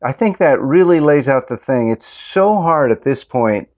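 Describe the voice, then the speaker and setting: Relaxed storytelling farmer man. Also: medium pitch, measured pace. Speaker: host, organic tomato farmer. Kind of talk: casual conversational interview.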